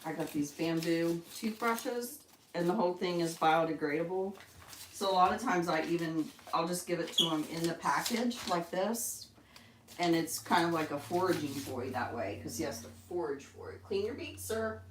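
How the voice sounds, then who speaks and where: A woman chatting on a casual live stream at home, coaxing her pet birds in a high, sing-song baby-talk voice between plain remarks to viewers. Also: lively intonation, normal speed. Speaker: pet bird owner livestreaming. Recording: echoey room, noisy background.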